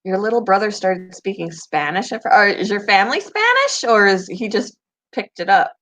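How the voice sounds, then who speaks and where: A woman's voice: mid-range voice, big pitch swings, moderate pace, fairly bright tone. A woman from Canada with a Canadian accent, chatting casually on a live stream, giggly and answering viewers' comments. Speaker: pet channel host.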